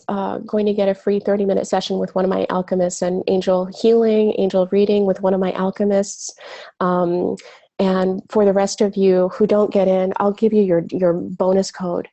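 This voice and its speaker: A woman's voice: mid-range voice, warm tone. A woman with a cold hosting a live spiritual webinar in casual, chatty talk, gushing and full of fillers, with the odd swear word. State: has a cold.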